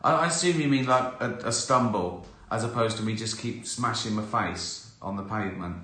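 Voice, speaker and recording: A middle-aged man talks casually through a live stream, answering viewer questions. His voice is bright and forward, he laughs often and acts out little scenes. The room gives a noticeable echo. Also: fairly low pitch, moderate pace.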